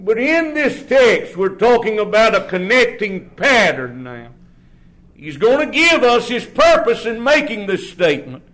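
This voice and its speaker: A man preaching a sermon in a church in a folksy, drawn-out way, often dropping to a low murmur. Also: very animated, fairly bright tone.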